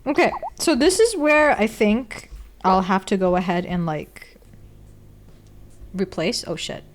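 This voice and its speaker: A woman's voice: mid-range voice, slow, pauses often, a little hiss or hum. A young woman streamer chatting casually while drawing, blunt and candid, swearing freely and laughing often.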